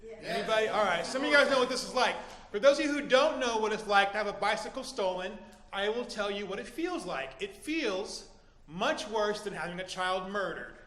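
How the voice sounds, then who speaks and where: A man tells a comic true story live on a theater stage, and his outrage is big and exaggerated for laughs. His voice sits very high and rings bright and forceful. It carries a roomy echo with a long hall tail. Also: animated, fairly quick.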